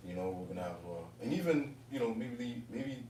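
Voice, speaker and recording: A man in a casual religious discussion, halting and searching for his words. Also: medium pitch, expressive, mellow. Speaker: fellow believer in discussion. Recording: roomy, distant mic, faint room noise.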